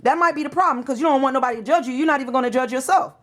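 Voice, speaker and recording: A woman's voice: sits high, rapid-fire. A woman gives a tarot reading. She talks in an emotional, preachy way, pressing each point with urgency. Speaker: tarot reader.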